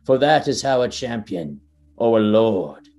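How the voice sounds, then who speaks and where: Low-voiced man reading dramatic narration. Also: very animated, unhurried, vocal fry, a little mellow. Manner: stumbling, self-deprecating, laughs at own slips. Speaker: podcast co-host. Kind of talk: reading trailer narration and casual chat.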